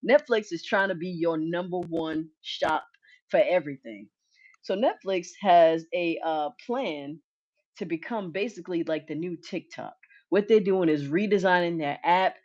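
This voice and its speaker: A woman co-hosting a podcast, talking in a relaxed, conversational, casual way. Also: lowish voice. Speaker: podcast co-host. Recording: dull lo-fi audio.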